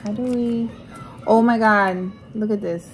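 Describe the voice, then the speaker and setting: A young woman casually showing off puzzle toys at home, excited and teasing, constantly saying how cool things are. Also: a little high, measured pace. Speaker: vlogger. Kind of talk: casual unboxing chat. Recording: noisy home recording.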